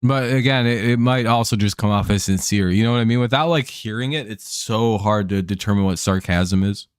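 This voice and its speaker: Low-voiced man casually hosting a stream. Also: brisk, clean tone, no echo, clean studio sound. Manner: rambling and offhand, calling the count. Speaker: live stream host. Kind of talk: casual chat while watching a baseball game.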